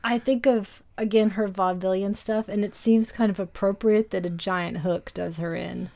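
A woman's voice: medium pitch, fairly even intonation, normal speed, creaky, darkish tone. Woman co-hosting a film podcast. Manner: recaps scenes in detail, laughs easily. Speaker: podcast co-host. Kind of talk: casual film discussion.

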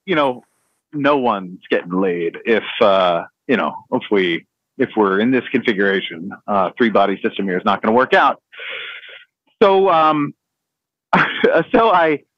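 A man's voice: on the high side, no echo, muffled recording. A man telling a navy story on a podcast in a rambling, laughing way, full of fillers and restarts. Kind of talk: casual storytelling among friends.

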